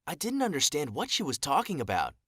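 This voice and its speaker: A young man narrating an animated story in an earnest, dramatic storytelling manner, recalling his childhood. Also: on the high side, fairly quick, slightly rough, no room sound, studio quality, full character voice.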